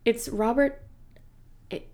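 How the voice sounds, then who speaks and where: A woman's voice: on the high side, fairly even intonation, slow, mellow. A woman in her thirties, a guest improv actor, telling stories animatedly in casual chat and laughing often. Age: 30s.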